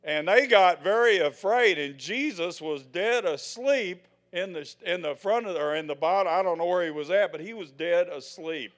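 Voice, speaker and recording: Older male preacher, high voice, folksy and theatrical, loud to hushed. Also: moderate pace, hardly any pauses. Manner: dramatic, swings from loud to hushed; folksy, acts out the scenes he tells. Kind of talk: sermon.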